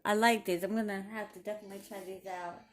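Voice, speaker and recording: A woman, chatting excitedly to viewers while unboxing craft supplies. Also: mid-range voice, quick pace, noisy background. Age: 40s. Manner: gushing, excitable, talks to viewers. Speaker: crafting vlogger. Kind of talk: casual unboxing commentary.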